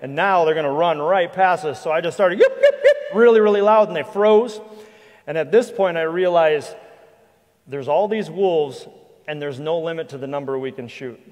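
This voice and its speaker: A man, a hunting guide and guest speaker, telling a lively anecdotal story to a church audience, with frequent restarts. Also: fairly high pitch, normal speed. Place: church hall with live audience. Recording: long reverb of a large hall.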